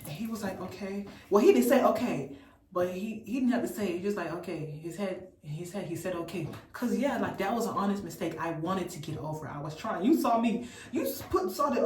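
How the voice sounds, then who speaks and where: Animated woman telling a storytime. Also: mid-range voice, brisk, roomy sound, far from the mic, slight background noise, low-quality recording. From Memphis, US. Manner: animated, incredulous, chatty retelling. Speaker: vlogger. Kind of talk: storytime vlog.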